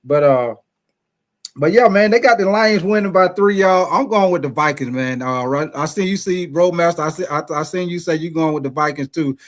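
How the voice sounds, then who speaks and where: A man hosting a casual sports livestream, talking to his chat in a relaxed, chatty way. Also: a little high, moderate pace. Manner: chatty, laid-back, speaks to the chat. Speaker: sports show host.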